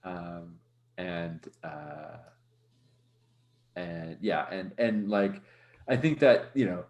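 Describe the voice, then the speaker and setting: Low-voiced man playing a tabletop game. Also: very slow, vocal fry, a little mellow, echoey room. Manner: rambling, hesitant, many fillers. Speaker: player. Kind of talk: tabletop role-play, narrating his character.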